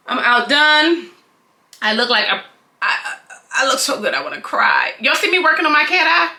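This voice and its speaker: A young woman reviewing a wig in an excited, sassy vlog, with dramatic swings and frequent swearing. Her voice is high, bright and very lively. The room sounds echoey. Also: moderate pace. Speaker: beauty vlogger reviewing a wig.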